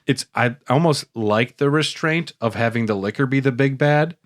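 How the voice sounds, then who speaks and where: A man's voice: mid-range voice, moderate pace. A man co-hosting a casual movie podcast, giving opinionated critiques of films. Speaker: podcast co-host.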